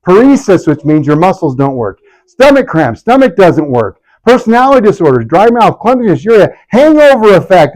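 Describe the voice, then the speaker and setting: A man giving a lively health workshop to a live audience, asking the room questions and acting out patients' complaints in a jokey way. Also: high voice, moderate pace, few pauses, low-quality recording. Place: clinic event room.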